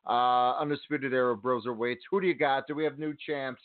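A man's voice: mid-range voice, fairly even intonation, fairly quick, smooth, no echo. A man co-hosting a sports radio show, talking wrestling in a rambling way with many ums and uhs. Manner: rambling, many fillers and restarts. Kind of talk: casual wrestling talk. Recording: tinny phone-line sound.

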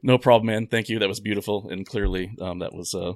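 A man's voice: on the low side, steady tone, fast, dry recording. A man hosting a casual comedy podcast, with dry, mock-grand introductions and jokey banter. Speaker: podcast host.

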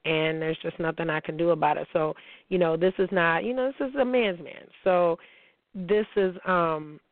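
A woman hosts a casual spiritual talk, blunt and emphatic and quick to swear, speaking straight to her listeners as y'all. Her voice comes through a narrow, tinny, phone-like line with a bone-dry sound. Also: lowish voice, dry recording. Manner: addresses listeners directly as y'all. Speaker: host.

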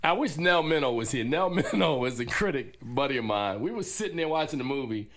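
A man co-hosting a film podcast in casual chat, an animated storyteller who laughs often. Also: medium pitch, brisk. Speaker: co-host and film critic.

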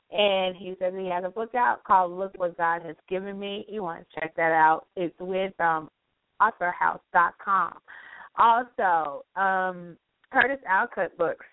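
A woman co-hosting a late-night radio talk show, chatting casually and reading shout-outs. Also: on the low side, dry recording. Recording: dry phone-line sound.

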